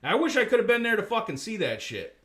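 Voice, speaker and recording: A man hosting a comedy livestream, swearing constantly and ranting, swinging from low mutters to loud outbursts. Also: very animated, fast talker. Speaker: comedy show host. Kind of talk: profane comedic livestream monologue.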